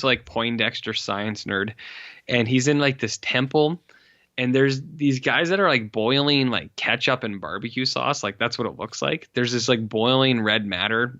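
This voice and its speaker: This podcast co-host has a bright, forceful, medium-pitched voice, captured dry through a dull lo-fi mic. He casually walks through a horror film's story, rambling, stuffing in "like" constantly, and performing the characters' dialogue himself.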